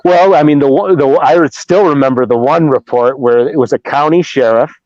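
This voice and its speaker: A man's voice: fairly high pitch, moderate pace, darkish tone, no echo. A middle-aged man from Ohio, telling a story in a casual, rambling way, with restarts and acted-out quotes. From Ohio, USA. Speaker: Bigfoot researcher guest. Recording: dull lo-fi dry remote audio.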